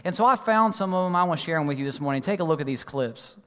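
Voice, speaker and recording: Male pastor with a high voice, animated storyteller, recorded with a long church-hall reverb. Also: fast talker, clean tone. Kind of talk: sermon with personal story. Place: church auditorium.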